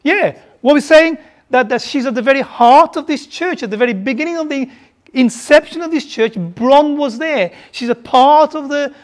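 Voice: high-pitched, normal speed. Birmingham-accented preacher questioning the congregation. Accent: softened Birmingham English. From Birmingham, England. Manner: asks the congregation questions, repeats words while thinking. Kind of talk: sermon.

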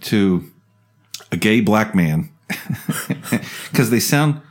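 A man's voice: lowish voice, lively intonation, drawn-out words. A man from South Jersey chatting casually as a podcast co-host, rambling and laughing as he restarts his thoughts. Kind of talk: casual chat.

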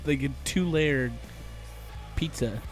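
A man's voice: a little high, slow, soft background music. A man in a casual podcast chat, blunt and contrarian, teasing the others.

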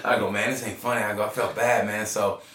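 On the low side and talking fast, this man is a podcast guest who animatedly tells stories, curses freely and acts out quoted voices in casual chat. He's recorded off-mic from a distance in a room full of echo.

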